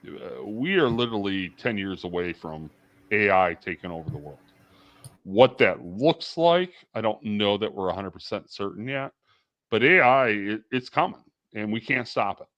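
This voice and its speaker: A man's voice: fairly low pitch, lively intonation, normal speed, fairly bright tone, no echo, muffled recording. A middle-aged man chatting casually as a livestream guest, rambling with lots of fillers and restarts.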